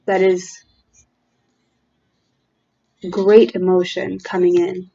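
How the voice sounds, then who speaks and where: A woman giving a tarot reading from a room at home, talking in a slow, halting, reflective way with many fillers. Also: medium pitch, flat delivery, dark tone, muffled recording. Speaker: tarot reader.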